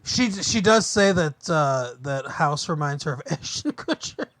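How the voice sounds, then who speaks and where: A man's voice: on the high side, lively intonation, unhurried, a bit bright, no room sound, studio quality. A man co-hosting a podcast, casually recapping a TV episode with lots of fillers and laughs. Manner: rambling, laughs often, many fillers. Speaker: podcast co-host.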